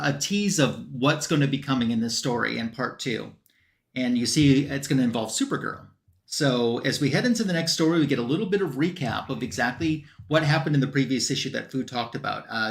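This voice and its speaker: A comic book review show host, his medium-pitched voice creaky and fairly bright, recaps a story on a panel stream. He rambles casually and leans on lots of fillers.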